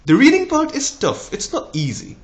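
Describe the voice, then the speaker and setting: A man's voice: moderate pace, slight background noise. Encouraging young man, slight American tinge. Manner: relaxed, encouraging, with lively rises in pitch. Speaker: doctor giving exam tips. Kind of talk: casual advice vlog.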